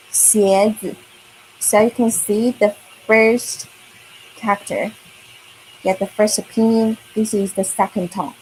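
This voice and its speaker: Woman, kids' language teacher, slow patient delivery, repeats words, faint background hiss. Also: mid-range voice, a little mellow, poor audio. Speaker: Chinese teacher. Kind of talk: online kids' language lesson.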